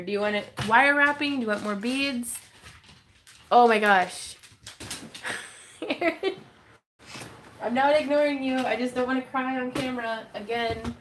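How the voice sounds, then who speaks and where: A woman's voice: on the high side, a bit bright, slight background noise. A young woman hosting a casual craft livestream, reading viewer comments and chatting with giggles and fillers. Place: home craft room.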